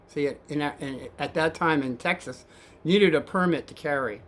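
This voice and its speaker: A man who used to drive a cab, telling a story casually and softly, with a rambling manner and calling his viewers kids. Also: a little high, moderate pace. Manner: soft-spoken and rambling, addresses viewers as kids.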